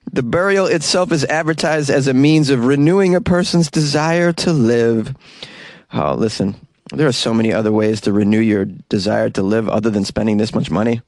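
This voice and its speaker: A man hosting a comedic news commentary, reacting sarcastically to stories and tossing in jokes and quick asides. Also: medium pitch, darkish tone, dry recording. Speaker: host.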